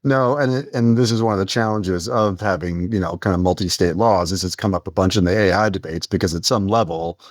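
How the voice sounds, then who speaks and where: A man co-hosting a podcast in casual chat, chatty and quick to laugh. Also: low-pitched, steady tone, no echo, clean studio sound. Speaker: podcast co-host.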